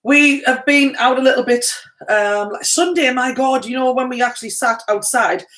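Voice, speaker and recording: A woman's voice: high voice, normal speed, fairly bright tone. A woman co-hosting a casual live stream who teases her partner and reads viewer comments aloud. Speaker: co-host and chat moderator.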